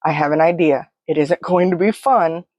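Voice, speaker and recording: A woman voicing a father who talks to his scared daughter in a gentle, soft, reassuring way. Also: sits low, moderate pace, dry recording, dull audio. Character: calm, tender father comforting his daughter.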